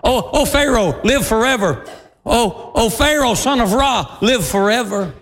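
A man's voice: a little high, very animated, takes it slowly, faint music behind. A man doing a stammering, groveling butler. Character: nervous male royal butler, groveling, knees knocking. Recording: long hall reverb.

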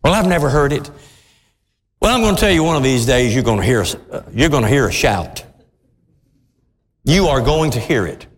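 A man preaching a sermon with passion, his voice climbing into shouts at its peaks. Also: medium pitch, lively intonation, moderate pace, long pauses, big-room sound, slight background noise. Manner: impassioned, rising to shouts.

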